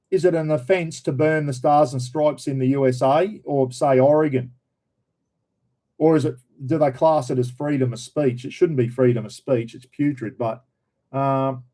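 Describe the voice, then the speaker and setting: A man's voice: on the high side, darkish tone, poor audio. A man with an Australian accent, casually chatting on a livestream and answering viewer comments in a blunt, opinionated and slangy way. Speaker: livestream host.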